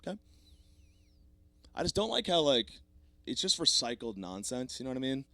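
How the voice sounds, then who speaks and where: A man's voice: medium pitch, sing-song, moderate pace, bright, forceful tone, no room sound. Podcast host, man in his 30s, profane comic ranter, voice a bit sore, dry booth sound. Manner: profane, rambling, self-mocking. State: slightly sore voice. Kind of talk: comedic solo podcast rant.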